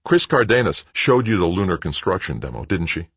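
Pushy eager executive son, voiced by a male narrator, pitched above the narrator's own low voice. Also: very animated, a little fast, a bit bright, husky, no room sound, heavily acted. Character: eager scheming businessman son, adult male.

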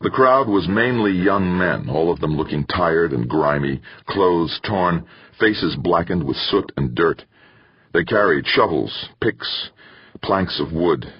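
A man narrating an audiobook in a steady, somber way. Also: deep voice, slow pace, slightly rough, no room sound. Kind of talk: scripted narration. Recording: muffled dry recording.

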